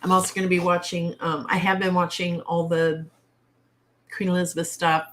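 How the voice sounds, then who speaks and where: A woman hosting a casual livestream chat from home. Her voice sits fairly low for a woman, and she speaks bluntly with a salty, exasperated humor. She is picked up on a simple webcam mic. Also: level tone, moderate pace, a bit bright. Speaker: livestream host.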